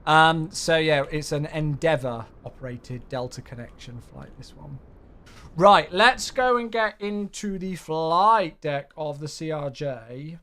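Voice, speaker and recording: A man's voice: fairly high pitch, slow, fairly bright tone. A man giving chatty live commentary while streaming a flight simulator and cheerfully greeting viewers.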